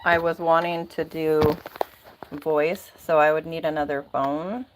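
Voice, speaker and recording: A woman's voice: low-pitched, flat delivery, a little slow, slight background noise, low-quality recording. A woman hosting a casual livestream, chatty and rambling, laughing often, talking into a phone or laptop mic. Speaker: livestream host.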